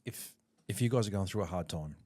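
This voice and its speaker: Deep-voiced father asking questions. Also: a little fast, dark tone. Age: middle-aged. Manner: probing, asks long searching questions. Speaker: podcast host and father. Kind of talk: casual family podcast chat.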